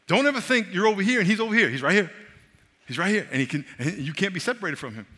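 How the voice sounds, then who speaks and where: A middle-aged male pastor preaching a sermon, animated and repetitive, often checking that his congregation is following along. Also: high-pitched, rapid-fire. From New York. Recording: long reverb of a large hall.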